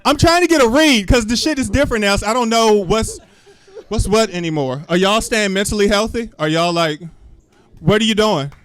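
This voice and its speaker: A comedian doing a live set in a small club talks into a handheld mic in a loose, chatty way, swearing freely and peppering the audience with questions. His brisk voice sits high and sounds a bit bright and clean.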